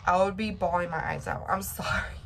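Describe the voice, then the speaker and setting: A woman's voice: on the low side, steady tone, fairly quick, slight background noise. A young woman chatting casually to her vlog audience, rambling and emotional with lots of fillers and restarts. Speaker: vlogger.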